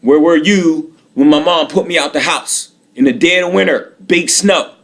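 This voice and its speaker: His voice is on the high side and moves at a normal pace. He's a man in his late thirties venting in a bitter, aggrieved personal monologue, going over the same points repeatedly and cursing often.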